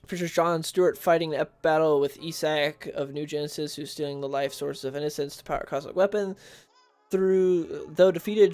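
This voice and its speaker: A man with a smooth, slightly high voice hosts a casual comics livestream. He chats with viewers, reads the chat and recaps aloud, and laughs at his own jokes.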